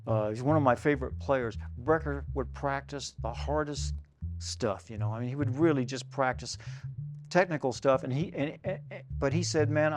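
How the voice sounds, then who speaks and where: An older man giving a saxophone workshop, talking loosely and conversationally, with many "you know"s and "man"s. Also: medium pitch. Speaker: saxophone clinician. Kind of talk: casual spoken workshop talk. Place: music shop event space.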